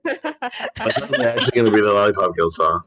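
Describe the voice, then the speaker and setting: A man's voice: lowish voice, wildly swooping pitch, normal speed, muffled recording, a loud crowd. A man playing a tabletop game, wry in manner. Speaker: player.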